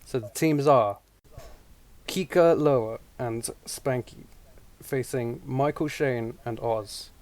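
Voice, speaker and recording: Guy cohosting a podcast, mid-pitched voice, snarky and laughing through it. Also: slow, a little mellow. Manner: mocking, profane, laughs a lot. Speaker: podcast co-host. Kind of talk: casual podcast chat.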